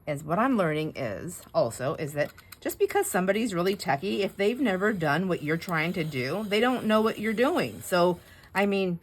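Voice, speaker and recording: A woman's voice: lowish voice, very animated, moderate pace. A middle-aged woman hosting a craft video, chatting in a rambling, digressive way while she cuts board, often breaking off mid-sentence and laughing. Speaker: craft channel host.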